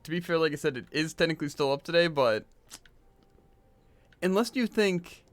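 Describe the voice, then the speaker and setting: A man's voice: on the high side, lively intonation, moderate pace, no room sound. A man streaming a game who is losing his voice, chatting casually and rambling with lots of fillers into a desk microphone at home. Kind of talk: casual gaming chat. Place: hot room at home.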